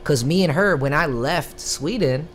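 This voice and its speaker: A young man from Florida, a rapper hosting a live stream, telling stories in casual chat with a lively, profane delivery. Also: fairly high pitch, slight background noise. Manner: animated, profane, drawn-out "bro" asides.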